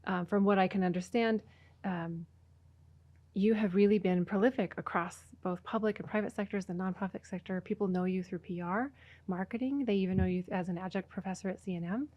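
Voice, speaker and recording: A woman's voice: mid-range voice, a little fast, no echo, dull audio. A woman hosting a podcast, chatting casually with her guest and using plenty of fillers. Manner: warm, chatty, many fillers. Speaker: podcast host. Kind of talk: casual interview.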